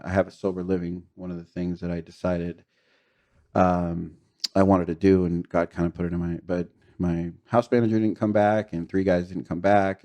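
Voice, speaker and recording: A middle-aged man with a very low, deep voice tells his story as a podcast guest. He talks in an earnest, confessional way, full of fillers and short laughs, with a low and weighty tone throughout. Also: darkish tone. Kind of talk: candid personal testimony.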